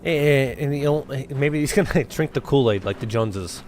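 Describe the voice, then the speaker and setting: A man's voice: mid-range voice, a little fast, noisy background. A man streaming a game, talking casually in a rambling, sarcastic way with lots of swearing and restarts. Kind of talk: casual gameplay commentary.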